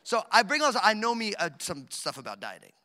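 A man in his thirties preaching a sermon as a pastor, telling jokey stories in an animated way with lots of fillers. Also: sits high, fast. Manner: animated, joking storytelling with many fillers. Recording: echoey hall recording.

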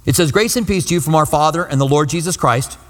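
A man's voice: a little high, fast talker, fairly bright tone. A man preaching a verse-by-verse Bible teaching sermon as pastor, earnest and explanatory, repeating phrases for emphasis. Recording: long reverb of a hall.

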